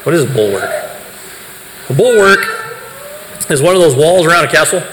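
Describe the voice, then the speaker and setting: Addressing a youth group, this man talks at a normal speed in a fairly high voice that swings widely in pitch. He lays out his points and asks the audience questions before supplying the answers on his own. Faint background noise sits under the reverberant hall sound.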